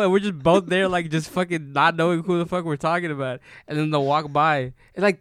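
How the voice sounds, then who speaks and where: A laid-back man in casual chat who says dude often and laughs along with his friend. His voice is smooth and resonant at an ordinary pitch. The sound is dry and close to the mic. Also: brisk, hardly any pauses, fairly bright tone, no echo.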